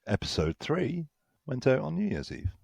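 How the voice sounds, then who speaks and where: A man's voice: medium pitch, big pitch swings, normal speed, gravelly, a little mellow, husky, no room sound. A man co-hosting a podcast, wondering aloud in a playful way and steering the talk. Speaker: podcast co-host. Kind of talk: casual discussion.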